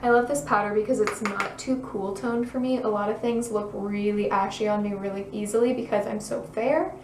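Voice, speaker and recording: A young woman talking through a makeup tutorial in a chatty, bubbly way, her voice a little hoarse. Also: medium pitch, fairly even intonation, fairly quick, reverberant, recorded from a distance, noisy background. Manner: chatty, bubbly, self-deprecating asides. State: losing her voice, slightly hoarse. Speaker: beauty vlogger.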